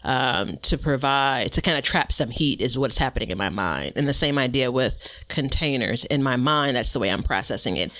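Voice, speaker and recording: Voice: mid-range voice, lively intonation, normal speed, hardly any pauses, a bit bright, no room sound. A podcast co-host chatting casually about gardening, rambling and self-deprecating with lots of fillers.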